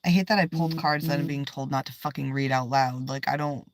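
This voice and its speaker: A woman's voice: very deep voice, steady tone, fairly quick, no room sound. A woman chatting casually on a tarot livestream, swearing freely, trailing off and now and then dropping to a whisper. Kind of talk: casual live-stream chat.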